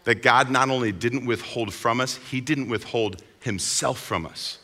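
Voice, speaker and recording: A pastor delivers a conversational, animated sermon. His voice is bright and forceful at a middle pitch. The sound carries a long reverb from a large hall. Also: unhurried.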